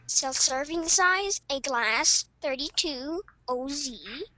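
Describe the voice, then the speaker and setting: A woman's voice: sits high, expressive, bright, forceful tone, a little hiss or hum. A female student in class, reading out a nutrition label item by item. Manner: slow, listing items one by one.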